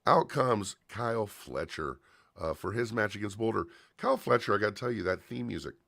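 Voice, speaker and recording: A man's voice: fairly low pitch, expressive, fairly quick, vocal fry, fairly bright tone, dry recording, clean studio sound. A man hosting a livestream, casually reviewing a wrestling show in a chatty, opinionated way with frequent fillers and restarts.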